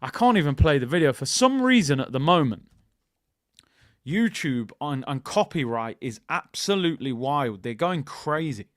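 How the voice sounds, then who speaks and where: Young guy doing a football stream, bit high voice, dry close mic, jokey slangy banter. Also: animated, normal speed, dry recording. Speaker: football channel host. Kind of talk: casual live-stream chat.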